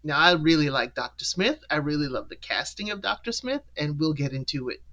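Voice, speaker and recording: A host recapping a TV episode in casual chat, acting out characters' lines with jumps in pitch and laughing between points. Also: lively intonation, a little fast, sharp tone, dull audio.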